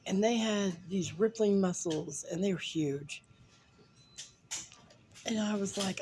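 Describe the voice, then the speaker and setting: A woman's voice: mid-range voice, measured pace, pauses often, background noise. A woman in her fifties telling a funny personal story in a chatty way, with fillers and acted-out quotes. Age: 50s. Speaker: vlogger.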